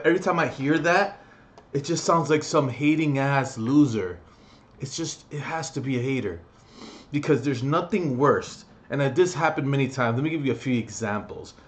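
A young man rants at his viewers with sarcastic, profane energy. His voice sits at an average pitch and keeps swinging between mocking murmurs and loud bursts. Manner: profane, addresses viewer directly. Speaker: vlogger. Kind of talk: comedic rant to camera.

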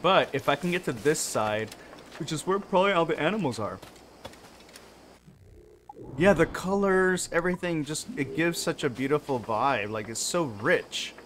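A man hosting a casual gaming playthrough, chatting as he plays and breaking into sudden high yelps. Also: moderate pace, slight background noise. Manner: chatty, animated, bursts into high yelps and shouts. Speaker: gaming channel host. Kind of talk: casual let's-play commentary.

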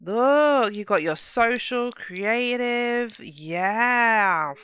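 Woman gamer, chatty and excitable, bright tone, easy slow delivery. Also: mid-range voice, no room sound, clean studio sound. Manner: chatty, exclaims at the game, talks to viewers. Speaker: gaming channel host. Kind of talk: casual let's play commentary.

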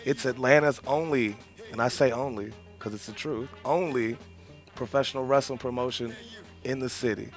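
Brash trash-talking wrestler. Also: male voice, mid-range voice, fairly even intonation, moderate pace, faint music behind. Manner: brash, taunting, promo-style delivery. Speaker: pro wrestler guest. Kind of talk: trash-talking studio banter.

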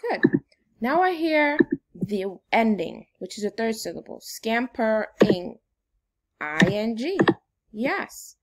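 A woman's voice: on the high side, sing-song, takes it slowly. A woman teacher giving a phonics lesson to young children in an upbeat, sing-song way.

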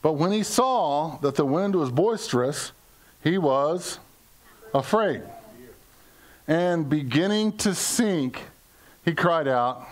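A man's voice: a little high, animated, slow pace, pauses often. An older American man preaching a conversational sermon to his congregation, joking, asking questions and acting out quoted lines in playful voices. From United States. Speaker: pastor. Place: church service before a congregation.

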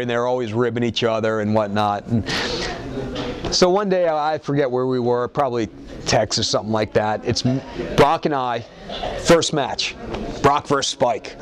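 Male ex-wrestler, lively raconteur, salty language, mid-range voice. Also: mid-range voice. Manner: animated storyteller who acts out the characters' lines; profane, casual. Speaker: former pro wrestler. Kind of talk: interview anecdote.

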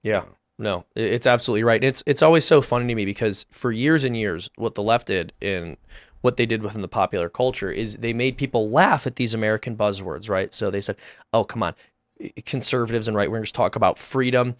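A man co-hosting a podcast panel, talking quickly and emphatically, mocking political buzzwords. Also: on the low side. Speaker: podcast co-host. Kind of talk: casual panel debate.

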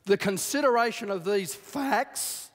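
A man's voice: high-pitched, a little slow. A man giving a lecture, quoting old sources at length and breaking in with emphatic asides. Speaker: creationist lecturer. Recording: long hall reverb.

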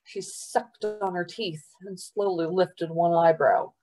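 A woman librarian reading a children's novel aloud in a steady, expressive storytime voice. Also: on the low side, slow pace, low-quality recording.

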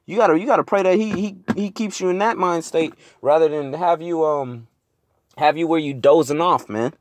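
A man preaches in a loose, conversational way, reading scripture aloud and then riffing on it in slang, dropping "man" after almost every thought. His voice sits a little high for a man. The sound is dry and close, as if recorded on a phone. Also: moderate pace, no room sound. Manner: casual, street-slang preaching, repeats "man" often. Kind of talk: informal sermon with scripture reading. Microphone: phone screen recording.

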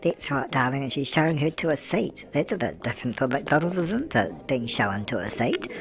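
Doting old granny narrator, played by a man, coos love and dear at every turn, mid-pitched, chatty tag questions, gameplay commentary. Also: lively intonation, moderate pace, fairly bright tone. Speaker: gameplay channel host.

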